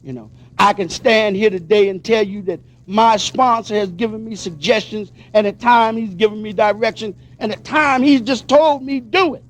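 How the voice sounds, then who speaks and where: A man's voice: high voice, normal speed, few pauses. A man from Pennsylvania giving a personal testimony speech at a recovery convention, telling his story emphatically and acting out the dialogue. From Pennsylvania, USA.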